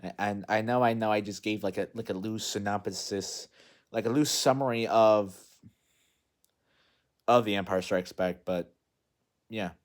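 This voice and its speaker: A man's voice: lowish voice, fairly even intonation, a little slow, long pauses. A man casually recapping a movie in a rambling, unscripted way, full of fillers and restarts. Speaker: movie vlogger.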